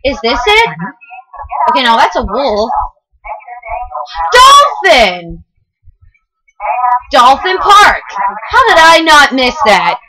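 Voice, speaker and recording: A woman's voice: high voice, big pitch swings, measured pace, very noisy. A female host chatting casually through a skiing video game, giggly and rambling. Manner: giggly, rambling, full of fillers. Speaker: let's-play host.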